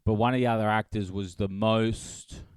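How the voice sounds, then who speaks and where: A man's voice: fairly low pitch, steady tone, moderate pace, a little mellow, smooth, no echo. A young man hosting a podcast by himself, ranting in a crude, sarcastic way and slipping into mocking impressions. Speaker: podcast host. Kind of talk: solo comedic rant.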